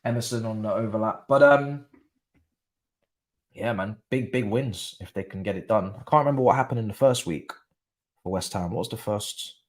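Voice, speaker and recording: A man's voice: on the low side, normal speed. A young man, commentating casually on a live football watchalong and chatting to his viewers in slang. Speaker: watchalong streamer.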